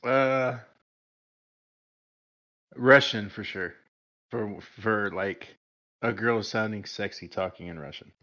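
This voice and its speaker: A man co-hosting a casual podcast chat in a relaxed way, his voice often dropping to a low murmur. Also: takes it slowly, long pauses, lo-fi sound. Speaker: podcast co-host.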